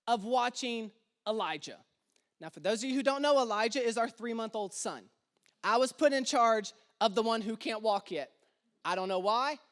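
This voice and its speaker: A young male pastor with a notably high voice tells a family story with playful self-deprecating humor. He then slides into a rhythmic sermon cadence, repeating phrases as he builds. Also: fairly bright tone.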